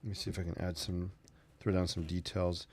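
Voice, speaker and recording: A man's voice: low-pitched, little pitch movement, fairly quick, darkish tone, a little hiss or hum. A man hosting his own sketching channel, chatting casually and thinking aloud as he draws. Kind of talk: casual narration while sketching.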